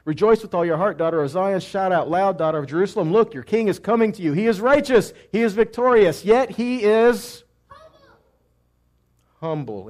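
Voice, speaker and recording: A man with a high voice preaches a teaching sermon and often asks his listeners questions before answering them himself. He moves between loud cries and quiet asides. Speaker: messianic teacher.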